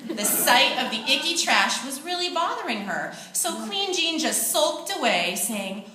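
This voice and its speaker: Bright, animated female storyteller for a kids' play; echoey room, mic set back. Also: high-pitched, unhurried. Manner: lively, expressive storytelling. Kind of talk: children's play narration. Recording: echoey room, distant mic, faint noise.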